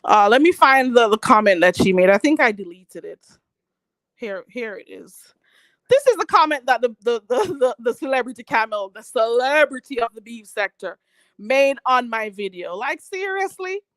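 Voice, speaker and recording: A woman's voice: on the high side, sing-song, moderate pace, fairly bright tone, no echo. A Jamaican woman ranting on a live stream, sassy and mocking, calling her target "child". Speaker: vlogger.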